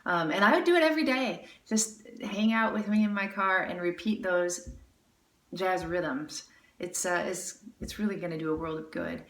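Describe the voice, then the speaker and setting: A woman's voice: lowish voice, moderate pace, fairly bright tone. Woman teacher scat-singing in a roomy space. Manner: demonstrates scat syllables by singing; encouraging, chatty. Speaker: jazz vocal teacher. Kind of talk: music lesson critique. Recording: roomy, a bit far from mic, with music.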